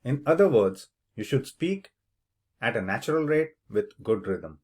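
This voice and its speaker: A man explains an English speaking test in an unhurried, measured way, like a lesson. His voice sits at an ordinary middle pitch. He stops to say example words aloud, showing which syllable takes the stress. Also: big pitch swings, darkish tone. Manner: slow, deliberate, demonstrates word stress aloud. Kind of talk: instructional explanation.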